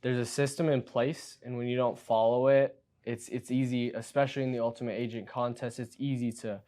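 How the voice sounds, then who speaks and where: A young man in his twenties, a guest on a podcast interview, talking casually and excitably, full of "like" as he tells his story. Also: medium pitch, brisk. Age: 20s. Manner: energetic, excitable storyteller with frequent "like". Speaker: guest, new insurance agent.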